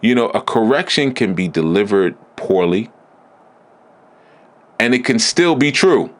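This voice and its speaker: A man giving a blunt, emphatic spiritual teaching talk in a deliberate, preaching manner. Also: on the low side, big pitch swings. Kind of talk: preaching lecture.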